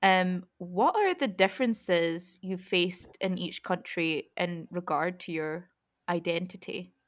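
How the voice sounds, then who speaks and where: A woman's voice: on the low side, slow. A young woman with a Scottish accent hosting a casual podcast chat, asking questions and laughing easily. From Scotland. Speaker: podcast host.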